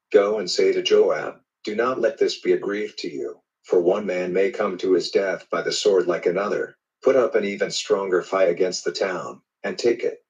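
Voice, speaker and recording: A man reading a Bible passage aloud in a steady, measured storytelling manner. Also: deep voice, distant mic, lo-fi sound. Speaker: Bible reader. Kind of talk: scripted scripture reading.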